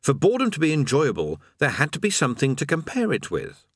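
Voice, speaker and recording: A man reading a comic fantasy novel aloud as an audiobook narrator, with dry expressive storytelling. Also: a little high, quick pace, no echo. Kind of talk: scripted narration.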